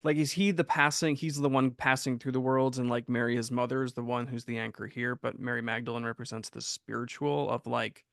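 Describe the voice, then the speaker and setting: A man's voice: medium pitch, little pitch movement, fairly quick, gravelly, hardly any pauses, fairly bright tone. A man hosting a casual interview podcast, chiming in with short reactions and asking long, probing questions. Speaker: podcast host.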